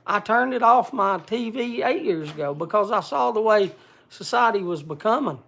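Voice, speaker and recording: A man speaking bluntly to a group in casual talk, halting often and restarting his sentences. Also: high voice, expressive, vocal fry, fairly bright tone, a little hiss or hum. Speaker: speaker addressing a group gathering.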